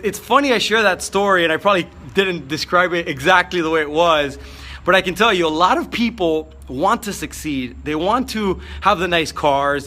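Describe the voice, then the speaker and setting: Fired-up man with a bright voice. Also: sits high. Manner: fired-up, energetic, with many fillers. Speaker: motivational speaker. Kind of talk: motivational vlog.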